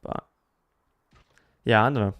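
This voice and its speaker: A man's voice: unhurried, a bit bright. A man hosting a live esports watch party, chatting casually and giving opinions, with plenty of fillers. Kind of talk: casual live reaction chat.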